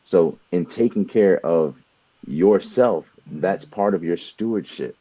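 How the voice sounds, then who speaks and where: Young guy with a real low mellow voice, earnest motivational podcast talk, trips over words a lot. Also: lively intonation, slow pace, husky, no echo, muffled recording. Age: young adult. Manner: earnest, repeats words while building a point. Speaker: podcast co-host.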